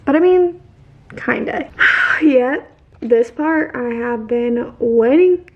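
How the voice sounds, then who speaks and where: A woman's voice: fairly high pitch, animated, unhurried, vocal fry. A woman recapping a novel in a casual, rambling way, full of fillers and restarts, and emphatic with her opinions. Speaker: book vlogger.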